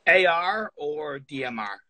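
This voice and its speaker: A man's voice: fairly high pitch, lively intonation, unhurried, sharp tone, no room sound, rough recording. A man interviewing a guest on a live stream in an eager, playful way, often stammering and restarting his questions.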